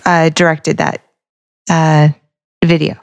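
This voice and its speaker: A woman with a fairly low voice chatting casually on a podcast. She works through lyrics piece by piece and thinks out loud, with loose restarts along the way. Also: little pitch movement, slow. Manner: talks through song lyrics line by line, thinking aloud. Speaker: podcast co-host. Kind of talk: casual chat.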